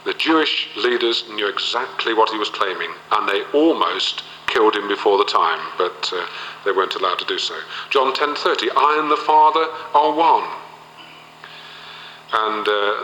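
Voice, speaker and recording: Man, Bible teacher, fairly low voice, bright forceful tone, reads verses then explains, echoey hall with faint noise. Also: animated, moderate pace. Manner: reads scripture aloud, explains with fillers. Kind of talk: Bible study talk.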